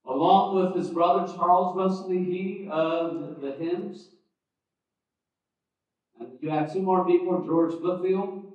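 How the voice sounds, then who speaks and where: A preacher gives a conversational teaching sermon on church history in a church sanctuary, restarting sentences and adding asides. His voice is high, fairly even in intonation, and slow. The recording is echoey, distant, and dull.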